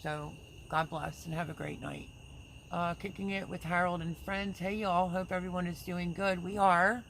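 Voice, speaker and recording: A woman's voice: fairly low pitch, fairly even intonation, normal speed, creaky, a bit bright, slight background noise. A woman hosting a casual livestream, chatting with viewers, reading their comments aloud and sending prayers. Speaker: livestream host.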